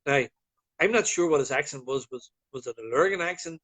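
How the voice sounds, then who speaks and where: Guesting on a live video call, a Northern Irish man rambles through stories with plenty of fillers in a casual chat. His expressive voice is on the high side, brisk and a bit bright.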